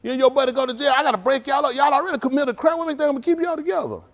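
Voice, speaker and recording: A man's voice: very high-pitched, very fast. A middle-aged man preaching on a livestream, telling street stories and acting out the dialogue while scolding his listeners. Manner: animated storytelling, acts out dialogue, scolding the audience.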